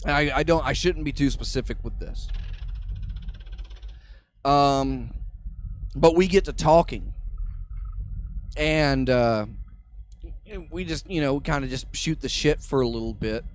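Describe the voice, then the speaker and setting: A man hosting a comedy podcast, telling a story in an animated way, swearing freely and acting out what people said. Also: medium pitch, unhurried, pauses often, slight background noise. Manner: animated, swears freely, acts out quotes loudly.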